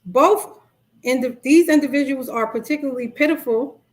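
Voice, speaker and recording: Brooklyn lady coach chatting on a live stream, fairly high voice, new york accent, talks to the comments. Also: normal speed. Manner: chatty, greets commenters by name. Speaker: life coach. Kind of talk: casual livestream talk.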